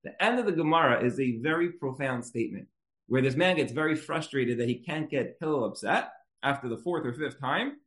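A man's voice: mid-range voice, moderate pace, a bit bright. Conversational man giving a Torah lecture. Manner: conversational, repeats key phrases for emphasis. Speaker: Torah teacher. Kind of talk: religious lecture with storytelling.

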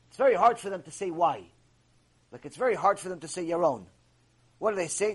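A man's voice: high-pitched, lively intonation, fairly quick, slightly rough. A man teaching a religious class, speaking emphatically and repeating phrases for stress. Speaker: rabbi teaching a Torah class. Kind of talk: religious lecture.

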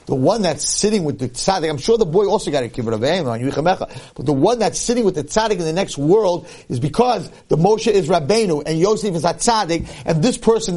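A husky-voiced rabbi delivers a story-driven Torah lecture, his pitch swinging widely as he goes. He acts out each person in the tale and hammers home his main points by repeating them. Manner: animated, acts out the people in his stories; emphatic, repeats key points.

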